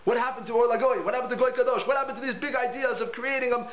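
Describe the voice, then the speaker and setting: A bewildered alien visitor, male and eager, firing off questions that climb in disbelief, as a man puts him on. The voice sits high and echoes around a room, and the sound is dull and lo-fi. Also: animated, brisk. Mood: baffled. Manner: exclaiming questions in rising disbelief.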